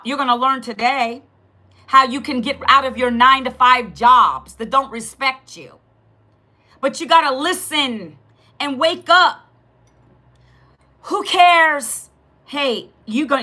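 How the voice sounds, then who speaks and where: Raspy fifties woman, high bright voice, blunt live-stream host talking to her chat. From Northern Virginia. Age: 50s. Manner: blunt, talks straight at the chat. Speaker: livestream host.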